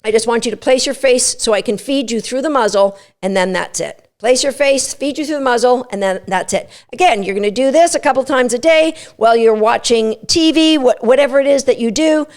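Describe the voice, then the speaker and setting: A woman giving an energetic podcast lesson on dog training, repeating each step plainly. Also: a little high, a little fast, few pauses. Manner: energetic, instructive, repeats steps.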